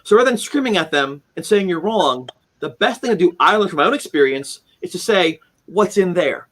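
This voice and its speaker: A man in his forties, guest on a casual live-stream interview and author of a haunting memoir, tells his story earnestly but ramblingly, restarting often. He joins by video call from a room at home filled with keepsakes. His voice sits high and fairly bright, with lively intonation and a brisk pace.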